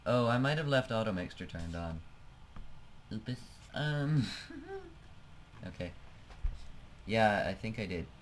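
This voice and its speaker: A man's voice: fairly low pitch, animated, a little slow, pauses often, slight background noise, rough recording. A man giving casual, self-mocking commentary while playing a flight game, laughing often. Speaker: let's play gamer.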